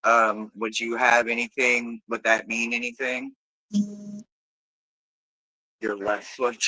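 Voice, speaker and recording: A man's voice: medium pitch, level tone, slow pace, sharp tone, breathy edge, low-quality recording. A man hosting a live tarot stream, chatting casually and loosely with viewers, swearing freely and rambling between readings.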